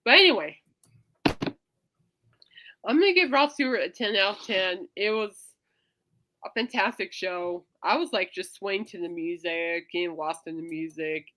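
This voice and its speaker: A woman's voice: medium pitch, normal speed, pauses often. A woman hosting her own podcast, telling rambling stories in a casual chat and calling her listeners "people". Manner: animated storyteller, swings loud and soft, addresses listeners as "people". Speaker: podcast host.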